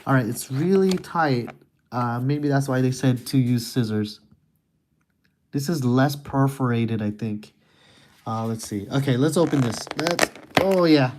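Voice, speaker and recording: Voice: medium pitch, unhurried, a little mellow, slight background noise. Casual puzzle-walkthrough streamer: rambling, goofy, jokey, reads game text aloud. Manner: goofy, rambling, crude wordplay jokes.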